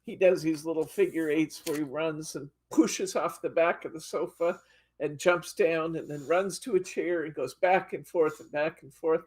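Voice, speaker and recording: A woman's voice: deep voice, fairly even intonation, moderate pace, darkish tone, husky. A woman leading a live-streamed card-making class, chatting and telling stories with frequent giggles. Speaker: craft class instructor.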